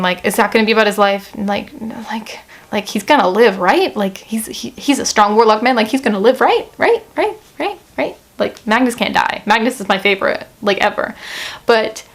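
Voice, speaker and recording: A young woman giving a casual book review vlog, chatty and expressive, swearing freely and saying "like" a lot. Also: medium pitch, brisk.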